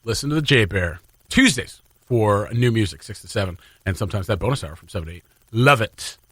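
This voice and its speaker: A man's voice: fairly low pitch, animated, fairly quick, fairly bright tone, breathy edge, dry recording. A man hosting a morning radio show in casual, upbeat banter, laughing often, on a studio mic. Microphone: studio microphone.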